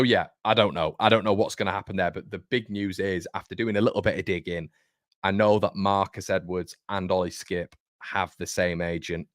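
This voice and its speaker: Chatty deep-voiced man talking football. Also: no echo, clean studio sound. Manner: chatty, emphatic, joking asides. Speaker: fan channel host. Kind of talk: casual football commentary to camera.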